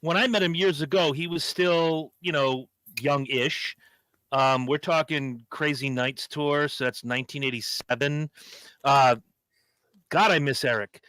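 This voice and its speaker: Guy in his 50s, podcast cohost, bright voice kinda high, acts out quotes in his stories, dry close mic. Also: measured pace, clear, resonant tone, no echo. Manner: animated storyteller, acts out quotes. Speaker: podcast co-host. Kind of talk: casual chat.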